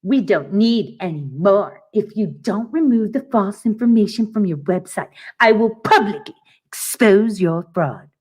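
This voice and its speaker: A woman voicing a pompous male lawyer in a low, mocking put-on voice while reading his letter aloud. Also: lively intonation, a little slow, a little mellow, slightly rough. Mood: sneering.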